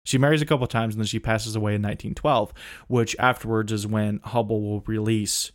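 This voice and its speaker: A man's voice: lowish voice, steady tone, brisk. Man, casual podcast co-host, easygoing storytelling, laughs a lot. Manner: laid-back storyteller, laughs often. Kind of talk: casual chat.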